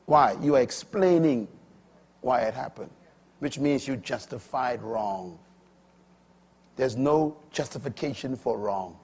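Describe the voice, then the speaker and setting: A middle-aged man preaching a sermon, swinging between hushed asides and loud, emphatic climbs that break into shouts on key points. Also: mid-range voice, slow, pauses often, husky.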